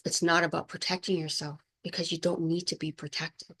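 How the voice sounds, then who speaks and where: A woman hosting a spiritual energy talk, speaking softly and flowingly, often checking in with "right?", moved close to tears. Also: on the low side, flat delivery, a little fast, few pauses. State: emotional, near tears. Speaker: spiritual channel host.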